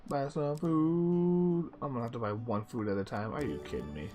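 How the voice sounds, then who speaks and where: A man's voice: lowish voice, expressive, very fast, darkish tone, soft background music. A young man casually commenting on his gameplay, chatty and reacting aloud as he reads game text. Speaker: gaming video host.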